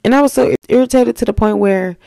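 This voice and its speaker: A young woman hosting a podcast, telling stories in a blunt, profane, animated way. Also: a little high, fast, no room sound, studio quality. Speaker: podcast host. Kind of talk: casual storytelling.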